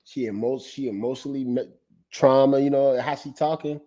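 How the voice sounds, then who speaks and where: This man talks in a loose, slangy ramble, circling back and repeating himself as he reacts. His voice sits at an ordinary middle pitch. It comes through a close, dry mic with no room sound. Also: steady tone, normal speed, warm tone, no echo, dull audio. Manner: loose, repetitive, slangy and profane. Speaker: online commentary host. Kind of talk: casual livestream commentary. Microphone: streaming setup mic.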